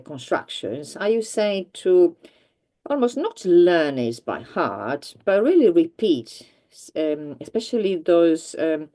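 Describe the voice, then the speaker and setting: A woman with a deep, warm voice teaches a language grammar lesson. She explains patiently, repeats points for learners, and often says um or restarts her sentences.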